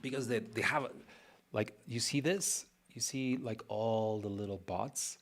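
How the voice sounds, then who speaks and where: A man's voice: mid-range voice, unhurried. A man streaming a casual design walkthrough who chats and mutters to himself, teasing himself along the way. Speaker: web designer streaming his work.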